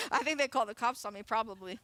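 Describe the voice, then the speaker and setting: A woman's voice: fairly high pitch, sharp tone, dry recording. A woman in her late twenties, a youth pastor, giving a sermon in a chatty, playful way and laughing often. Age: late 20s. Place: church sanctuary.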